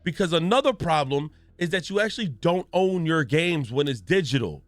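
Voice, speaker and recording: Animated man ranting about gaming news. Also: on the high side, normal speed, no room sound. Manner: animated, profane, storytelling with exaggerated reactions. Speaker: gaming streamer and commentator.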